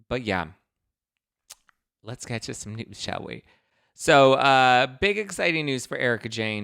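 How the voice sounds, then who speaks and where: Male podcast host, chatty ranter, bright forceful tone, smooth and dry close-mic sound. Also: lowish voice, dry recording. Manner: animated ranting, comic put-on quotes. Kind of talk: casual chat.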